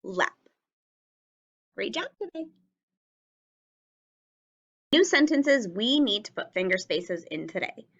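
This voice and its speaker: A woman teaching a phonics lesson to young children, stretching out words and spelling them letter by letter with careful, clear enunciation. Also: mid-range voice, sing-song, slow pace, long pauses, a bit bright, lo-fi sound.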